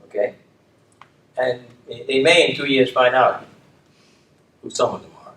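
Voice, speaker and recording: A man's voice: mid-range voice, unhurried, fairly bright tone. An older man and former dean talking reflectively, restating his points with emphasis and often checking in with "okay?". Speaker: community leader and former dean. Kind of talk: reflective conversation. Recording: roomy, distant mic with faint room noise.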